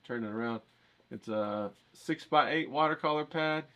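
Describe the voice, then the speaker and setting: A man's voice: mid-range voice, unhurried, fairly bright tone, slight background noise. A man hosting a casual drawing tutorial, hyped and rambling, coaching viewers and swearing casually as he talks. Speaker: art channel host.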